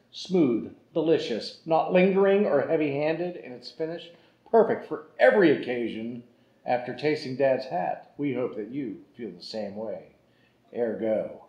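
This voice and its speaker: A man's voice: on the high side, a little mellow, reverberant, dull audio, close to an everyday voice. A man voicing a male movie-trailer announcer in a dramatic, sweeping style.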